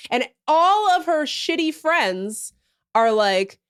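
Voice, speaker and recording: A woman co-hosting a casual podcast livestream. Her pitch swoops widely and sits a little high as she tells stories. She swears freely and puts on mock outrage. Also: slow, no echo, studio quality. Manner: animated, profane, mock-outraged storytelling. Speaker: podcast co-host.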